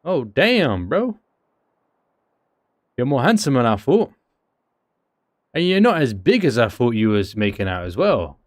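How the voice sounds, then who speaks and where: A young British man chatting casually on a livestream, in slangy, lively speech. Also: mid-range voice, measured pace, long pauses, dry recording, studio quality. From United Kingdom.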